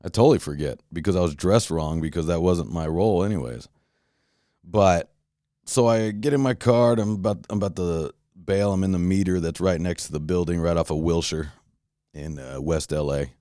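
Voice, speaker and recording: A man hosting a podcast, telling a profane, animated story in a casual rant with many restarts. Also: deep voice, moderate pace, no room sound, studio quality. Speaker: podcast host.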